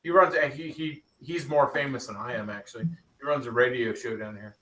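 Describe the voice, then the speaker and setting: A man chatting excitedly in a garage and swearing freely. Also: mid-range voice, a little fast, poor audio. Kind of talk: casual chat. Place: home garage.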